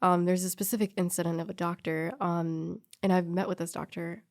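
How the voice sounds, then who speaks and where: A woman's voice: lowish voice, fairly quick. A young woman telling a personal story in casual chat, acting out the people she quotes. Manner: animated storyteller who acts out quoted people.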